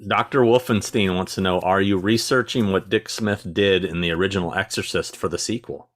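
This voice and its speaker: A man's voice: low-pitched, steady tone, brisk, a bit bright. A middle-aged man co-hosting a casual live chat, reading out viewer questions with short, dry asides. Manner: reads out viewer comments, brief dry asides.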